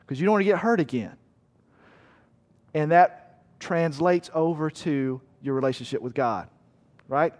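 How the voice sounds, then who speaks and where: Pastor, man, fairly high voice, earnest, emphatic, storytelling, long hall reverb. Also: a little slow, pauses often, darkish tone. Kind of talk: sermon.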